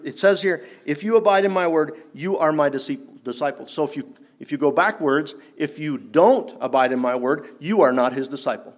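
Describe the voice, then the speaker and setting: Earnest male preacher. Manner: earnest, challenging, rises for emphasis and drops low. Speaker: pastor. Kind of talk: sermon.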